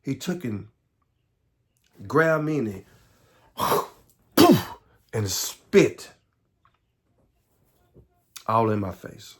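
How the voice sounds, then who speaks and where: A man from the Southern United States telling his own life story, halting and earnest, often repeating words and close to tears. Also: medium pitch, animated. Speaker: vlogger.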